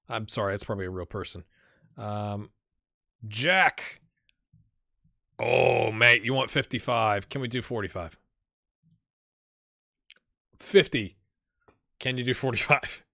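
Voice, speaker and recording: A man's voice: medium pitch, gravelly, bright, forceful tone, no echo, studio quality. A man giving casual, chatty commentary while streaming a management game, talking to himself as he plays.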